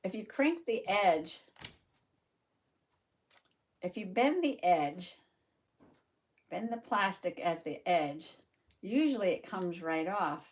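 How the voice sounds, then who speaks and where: A woman's voice: fairly low pitch, expressive, slow, long pauses. A woman hosting a casual live journaling chat from her craft table, chatting to viewers by name and laughing often. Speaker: journaling channel host.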